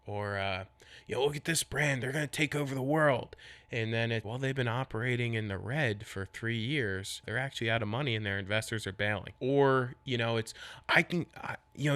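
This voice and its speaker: A man's voice: on the low side, sharp tone, no echo. A man in his thirties, a company founder, talking candidly and bluntly in a casual reflective monologue, with frequent "you know" and casual swearing. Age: 30s.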